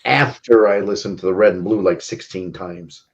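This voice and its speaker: A low, husky male voice chats easily with friends on a livestream. The sound is dull and lo-fi, like a muffled call. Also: moderate pace. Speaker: chat guest. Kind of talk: casual chat.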